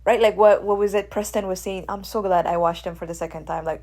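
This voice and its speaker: A woman's voice: medium pitch, fast. Blunt woman. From Ethiopia. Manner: blunt, animated, swears freely, keeps asking "right?". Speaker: radio show host. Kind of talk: casual opinion monologue.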